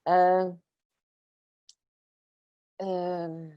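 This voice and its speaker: Woman, very low pitch, slow, hesitant, dull dry recording. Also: little pitch movement, clean tone, dry recording. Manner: hesitant, self-correcting. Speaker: filmmaker. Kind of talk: panel discussion answer.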